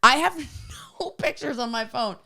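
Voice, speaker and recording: A woman co-hosting a podcast, telling a story in a casual, animated way and leaning on "like" constantly. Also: high voice, a little slow, gravelly, faint music behind. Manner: animated, filler-heavy retelling with lots of "like". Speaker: podcast co-host.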